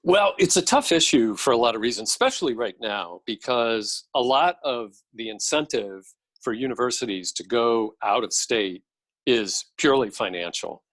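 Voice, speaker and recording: A middle-aged man speaking as a podcast guest and policy expert, explaining in a measured way. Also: medium pitch, expressive, fairly bright tone, no echo, rough recording. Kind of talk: podcast interview.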